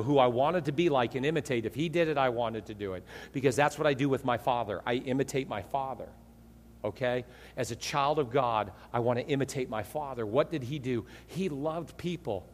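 A man's voice: a little high, long reverb tail. A man preaching a sermon as pastor, telling stories and acting out the people in them. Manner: animated storytelling, acting out voices.

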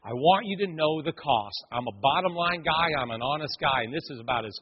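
High-voiced man preaching in a hall. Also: brisk. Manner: animated preaching, dramatic quoted voices. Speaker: pastor. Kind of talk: sermon. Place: church sanctuary. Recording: muffled, long hall reverb.

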